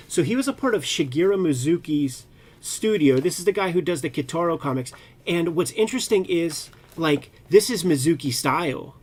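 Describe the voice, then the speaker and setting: A man co-hosts a casual comics talk show, speaking from his own experience as a cartoonist. His voice sits a little high for a man. He talks in a loose, animated way, full of slang and cheerful profanity. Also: moderate pace. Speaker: co-host, cartoonist. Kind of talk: casual chat about comics.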